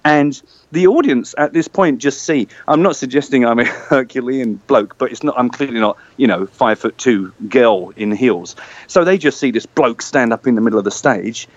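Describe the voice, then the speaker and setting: A man's voice: mid-range voice, moderate pace, no echo, muffled recording. A man telling a self-deprecating anecdote in a casual chat, acting out the voices and cheers as he goes. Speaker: guest storyteller.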